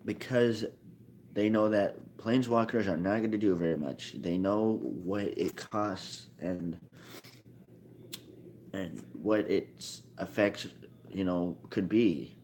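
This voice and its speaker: Man, lowish voice, casual rambling explainer, self-correcting, faint background hiss. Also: takes it slowly, darkish tone. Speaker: card game video maker.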